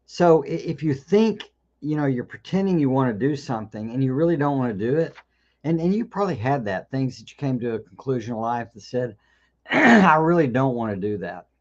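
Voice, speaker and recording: Man hosting a live Q&A, halting speech. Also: mid-range voice, darkish tone, highs cut off. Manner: conversational, repeats words and restarts often. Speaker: host. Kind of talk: live Q&A talk.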